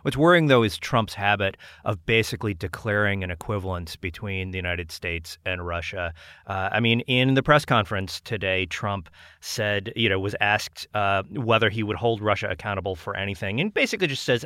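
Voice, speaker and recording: A man on a discussion panel, measured and analytical. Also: medium pitch, pushed and bright, dry recording, studio quality. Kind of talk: podcast discussion.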